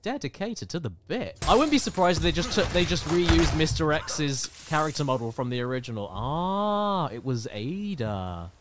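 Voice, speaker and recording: A young man giving joking, excitable live commentary while playing a video game, swearing often. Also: a little high, moderate pace, hardly any pauses, background noise. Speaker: streamer.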